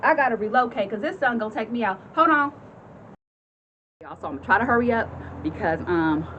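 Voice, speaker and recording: Chatty woman with a lively, higher voice. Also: fairly quick, dull audio, a little hiss or hum. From California. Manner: animated, chatty, acts out crowd voices, laughs often. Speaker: vlogger telling a personal story. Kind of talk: casual storytelling to viewers. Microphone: phone camera.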